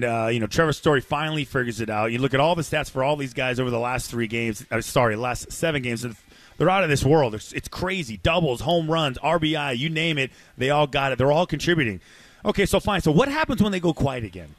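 A male sports radio co-host chatting casually. He is playful and animated, stacking repeats for emphasis. The sound is dry and close. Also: medium pitch, a little fast, no echo.

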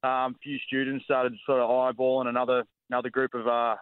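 An Australian man calling in to a radio show, halting and saying mate constantly. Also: mid-range voice, completely flat delivery, clean tone, no echo. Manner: says mate a lot, halting. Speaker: caller. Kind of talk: phone-in chat. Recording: tinny phone line.

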